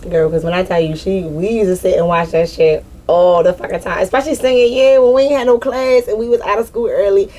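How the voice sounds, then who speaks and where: A woman's voice: medium pitch, steady tone, fast, hardly any pauses, mellow. A woman giving a casual spiritual reading to her viewers, candid and slangy, with frequent swearing. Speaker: spiritual reader.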